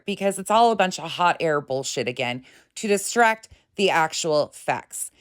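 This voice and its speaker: A woman hosting a reaction commentary, exasperated and sarcastic as she picks apart claims. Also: sits low. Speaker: commentary channel host.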